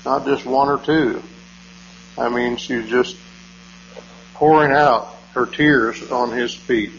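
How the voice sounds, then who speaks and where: A man preaching a sermon, retelling a scripture story earnestly with frequent pauses. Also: mid-range voice, fairly bright tone. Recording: dull lo-fi recording with mains hum.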